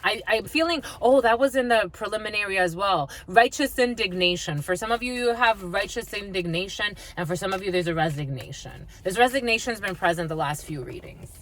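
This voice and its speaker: A woman's voice: mid-range voice, fairly quick, hardly any pauses, a bit bright, a little hiss or hum. Blunt, swearing woman psychic reader. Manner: blunt, swears freely, half-sings lines. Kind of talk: channeled tarot reading.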